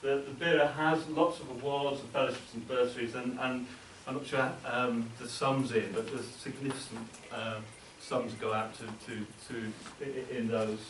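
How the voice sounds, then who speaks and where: Man, seminar presenter, halting speech, mid-pitched, roomy echo, faint hiss. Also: steady tone, fairly bright tone. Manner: halting, many repeated words mid-sentence. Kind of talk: informal talk to an academic audience. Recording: echoey room, distant mic, faint hiss.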